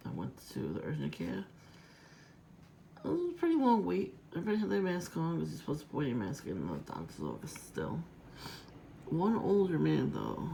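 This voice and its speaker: A woman's voice: deep voice, creaky, mellow, slight background noise. A woman with a stuffed-up, congested voice, rambling and swearing through a casual vlog rant. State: congested, nasal from a cold. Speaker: vlogger.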